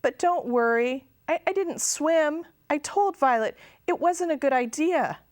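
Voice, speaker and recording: A woman's voice: sits high, expressive, a little slow, dry recording, pitched above the performer's own voice. Brief: nervous, sensible little girl, read by a woman, dry close sound. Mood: earnest. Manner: timid, careful.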